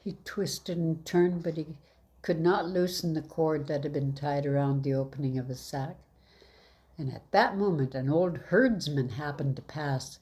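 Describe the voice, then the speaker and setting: A woman reading a fairy tale aloud in an even, measured way. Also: low-pitched. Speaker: storyteller.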